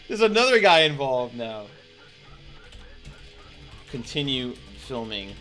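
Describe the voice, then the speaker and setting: A man's voice: medium pitch, sing-song, slow pace, a bit bright, soft background music. A man streaming a text adventure game, chatting casually, laughing often and swearing as he thinks aloud. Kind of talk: casual let's-play commentary.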